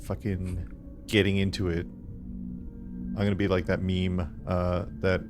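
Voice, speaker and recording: A man playing a tabletop game, chatting excitedly, swearing and laughing. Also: low-pitched, slow, over music. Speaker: player. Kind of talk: casual chat.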